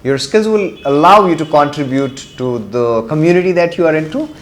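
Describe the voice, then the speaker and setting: A man's voice: on the high side, expressive, a little fast. A man giving a test-prep vocabulary lesson, often switching into Hindi and repeating key words for emphasis. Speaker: vocabulary teacher.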